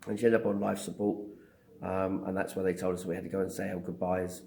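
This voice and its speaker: A middle-aged man, a psychic medium, speaks fast in a low-pitched, gravelly voice while telling his story in an interview. He acts out the dialogue animatedly, hesitating with plenty of ums.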